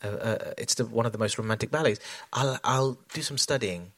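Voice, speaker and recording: A man's voice: medium pitch, brisk, a bit bright, no room sound. A man talking as a choreographer in an onstage conversation, reflective, with many fillers and restarts. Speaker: choreographer guest.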